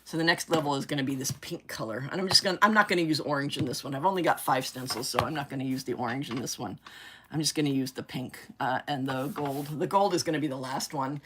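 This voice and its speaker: A low-pitched woman hosts a live crafting stream in a loose, chatty way. She rambles from one thought to the next and bursts into gushing exclamations over her work. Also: fast, a bit bright, slight background noise. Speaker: craft livestream host. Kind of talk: casual chat while crafting live.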